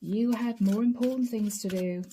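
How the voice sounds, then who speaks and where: A woman's voice: fairly high pitch, moderate pace, mellow, a little hiss or hum. A woman giving a chatty, laughing tarot reading with relatable asides. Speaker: tarot reader. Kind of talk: channeled tarot reading to camera.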